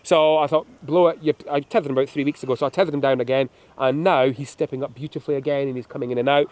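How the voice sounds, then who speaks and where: A man's voice: mid-range voice, fairly even intonation, racing, a little mellow. A middle-aged man, a falconer, showing birds of prey outdoors on a windy hilltop, telling chatty, joking anecdotes. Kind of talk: hands-on demonstration with storytelling.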